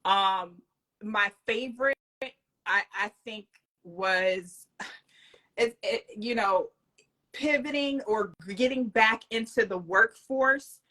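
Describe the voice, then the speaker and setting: A middle-aged woman co-hosts a casual chat in a chatty, emphatic way. Her voice sits a bit high and sounds bright and crisp. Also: slow pace. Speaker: co-host.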